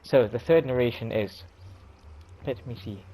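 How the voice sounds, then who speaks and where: A man's voice: medium pitch, measured pace, mellow, poor audio. Casual man explaining hadith. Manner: informal, restarts and self-corrections. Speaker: religious video host.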